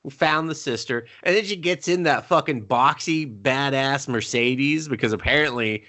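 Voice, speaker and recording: Man, bright forceful voice, casual movie review chat, sarcastic, swears a lot. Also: medium pitch. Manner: sarcastic, profane, acts out scenes in quick mock voices. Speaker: podcast co-host.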